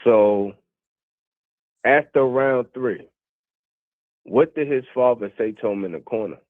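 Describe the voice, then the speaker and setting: A man's voice: mid-range voice, takes it slowly, no echo. A man calling in to a casual boxing debate, blunt and profane, often talking over the others. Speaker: caller on a boxing show. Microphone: phone call. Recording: dry tinny phone line.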